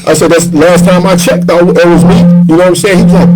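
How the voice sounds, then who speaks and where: Give me a fifty-year-old man who tells stories with big animated swings. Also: high voice, quick pace, hardly any pauses, loud music behind the voice, poor audio. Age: 50s. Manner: animated storyteller, slangy, acts out quotes. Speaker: chef guest. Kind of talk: casual storytelling interview.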